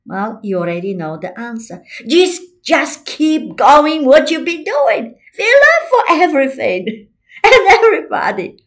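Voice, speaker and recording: A woman hosting a casual motivational self-help talk, repeating her points and swinging between soft, near-whispered lines and excited bursts. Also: high voice, measured pace. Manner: lively, repetitive, swoops between soft and excited. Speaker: self-help video host.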